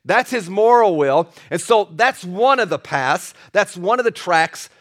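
A man's voice: high-pitched, expressive, unhurried, a bit bright. An older man preaching a sermon in a folksy, joking way, often restarting his sentences. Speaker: pastor.

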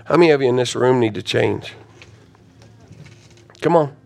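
A man preaching a sermon in a church, urging the congregation forward and praying with fervor, rising to shouts. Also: medium pitch, normal speed, gravelly, faint music behind. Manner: repetitive, urging calls to the congregation. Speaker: pastor. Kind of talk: sermon with altar call and prayer. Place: church sanctuary.

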